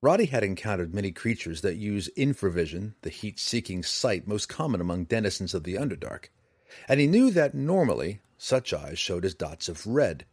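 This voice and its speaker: A man reading a fantasy novel aloud with dramatic, expressive narration. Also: lowish voice, normal speed, husky, dry recording, studio quality. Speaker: audiobook narrator.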